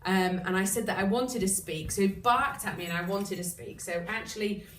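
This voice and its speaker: Woman explaining dog training, roomy distant sound. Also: moderate pace. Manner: chatty explaining, with bursts of high excited praise to a dog. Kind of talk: casual instructional talk. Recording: roomy echo, distant mic, background noise.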